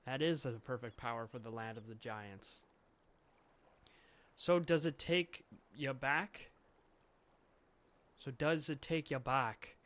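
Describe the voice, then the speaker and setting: Slow-talking man chuckling through a comic review. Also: a little high, a bit bright. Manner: chuckles often, thinks aloud with restarts. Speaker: manga chapter reviewer. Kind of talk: casual commentary reading through a comic chapter.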